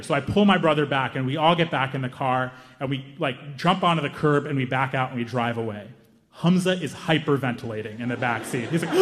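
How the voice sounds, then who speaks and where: A young man telling a long comic story on stage, self-mocking and animated, with quick asides. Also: on the high side, in a large hall. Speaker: stand-up comedian. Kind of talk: stand-up storytelling.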